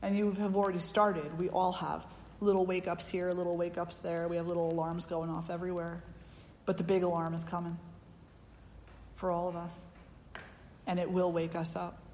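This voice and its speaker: A woman's voice: on the low side, flat delivery, normal speed, darkish tone. Earnest woman teaching in a reverberant hall. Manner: earnest, emphatic, repeats key phrases. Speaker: spiritual teacher. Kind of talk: spiritual teaching talk. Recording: long reverb hall with faint background noise.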